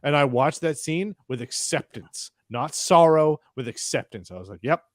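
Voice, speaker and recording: A man co-hosting a casual podcast chat, reviewing a TV episode, talking in an animated way, swearing and acting out scenes in quoted voices. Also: on the high side, normal speed, no room sound, studio quality. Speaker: podcast co-host.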